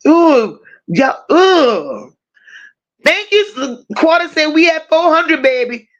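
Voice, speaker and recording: A woman's voice: sits high, animated, measured pace, lo-fi sound. A woman hosting a livestream, reading viewers' comments aloud and firing back with profane, teasing banter. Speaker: livestream host. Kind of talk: casual live chat reading comments.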